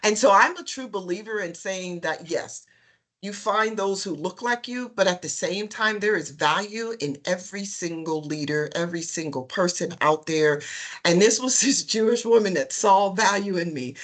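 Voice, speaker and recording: A woman's voice: medium pitch, moderate pace. Chatty woman telling her career story. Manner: lively storyteller, acts out what others said; chatty, with frequent um and uh. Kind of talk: personal storytelling in a webinar panel.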